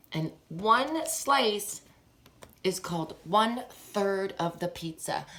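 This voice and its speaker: A young woman teaching a lively lesson to the camera. Her voice jumps up and down as she teases and laughs between explanations. The delivery is playful and informal. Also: medium pitch. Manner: animated, laughs often, teasing. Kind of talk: playful classroom lesson video.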